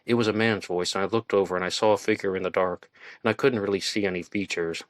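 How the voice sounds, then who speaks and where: A man reading a first-person thriller audiobook in a tense, measured storytelling manner. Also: sits low, steady tone, dry recording. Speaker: audiobook narrator.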